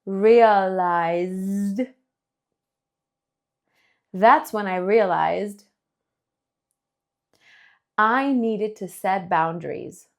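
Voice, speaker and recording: A woman from Spain with a Spanish accent, teaching English pronunciation, stretching words out slowly to model them. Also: mid-range voice. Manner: slow drawn-out modeling of words, then quick explanations. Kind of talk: bilingual language lesson.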